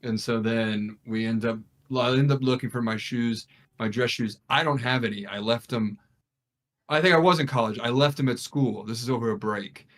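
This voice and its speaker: A man's voice: medium pitch, moderate pace. A young man co-hosting a podcast, telling a story casually among friends and acting out what people said. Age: young adult. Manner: animated, acts out what people said. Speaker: podcast co-host.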